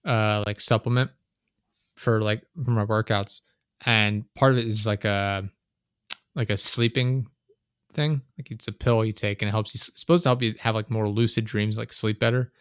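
A man's voice: fairly low pitch, steady tone, moderate pace, a bit bright, smooth, dry recording, studio quality. A young man chatting casually on his podcast, rambling and filling his talk with "like" and curse words. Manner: rambling, heavy use of "like", swearing. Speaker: podcast host. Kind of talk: casual chat. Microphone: desk microphone.

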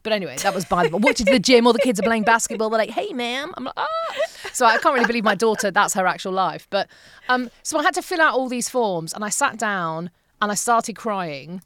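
A woman's voice: medium pitch, a little fast. A woman in her late forties, living in the USA but from abroad, telling a personal story in casual conversation and acting out the voices in it. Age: late 40s. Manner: animated storyteller, acts out quotes, swears freely. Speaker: podcast guest.

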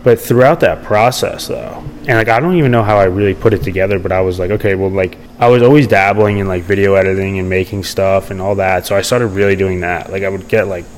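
A man's voice: low voice, fast, few pauses, a little hiss or hum, low-quality recording. Young man rambling through his story. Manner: rambling, many fillers and restarts. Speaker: podcast guest. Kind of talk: casual storytelling interview.

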